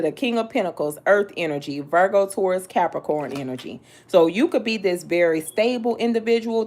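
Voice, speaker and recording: Blunt, sassy woman reading tarot. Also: on the low side. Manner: blunt, sassy, talks straight to the listener with slang and cursing. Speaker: tarot reader.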